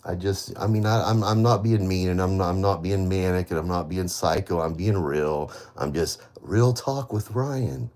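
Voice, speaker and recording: A man with a somewhat low voice rants bitterly on a live stream, hammering the same accusations over and over and swearing heavily. His speech rambles, with frequent restarts and trailing half-sentences. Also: moderate pace, hardly any pauses, a little mellow. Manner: bitter, accusing, repeats himself. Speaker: livestreamer. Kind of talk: live stream rant to viewers.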